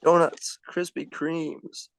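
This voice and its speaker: Upbeat male co-host, gravelly voice pitched a little high, dry close sound. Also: flat delivery, slow pace, no room sound. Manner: upbeat, enthusiastic, gushing. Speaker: podcast co-host. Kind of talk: casual podcast chat.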